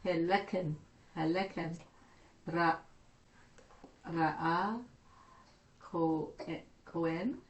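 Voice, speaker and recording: A woman's voice: lowish voice, steady tone, drawn-out words, pauses often, roomy sound, highs cut off. A woman student in a language class, hesitantly sounding out words as she reads aloud and translates.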